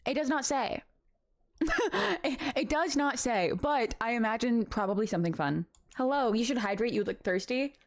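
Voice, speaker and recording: A woman's voice: on the high side, normal speed. A young woman chatting casually with her live-stream chat from home, bubbly and rambling, laughing often.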